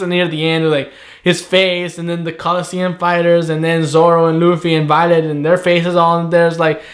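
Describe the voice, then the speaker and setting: A man giving a casual, rambling anime episode review, animated and profane. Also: fairly high pitch, normal speed.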